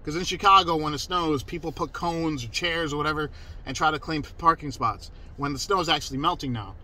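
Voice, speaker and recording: A man's voice: on the high side, fairly quick, pushed and bright, slight background noise, rough recording. A man telling a personal story in a casual, emphatic way, cursing freely and restarting his sentences. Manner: profane, emphatic, self-interrupting.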